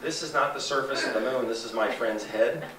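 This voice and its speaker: Man pitching to a crowd in an echoey room. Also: a little fast, recorded from a distance. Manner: animated, salesy, asks the crowd questions. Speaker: presenter at a sales talk. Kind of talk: live presentation to an audience. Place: meeting room with an audience.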